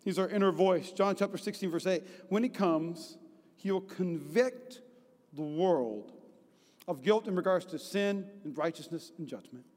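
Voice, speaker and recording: A high-pitched male pastor in his thirties, preaching with lively, chatty energy and often asking the crowd for agreement. His voice rings out with a long reverb from a big church hall. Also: unhurried. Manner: lively and conversational, often asking the congregation "right?". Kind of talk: sermon.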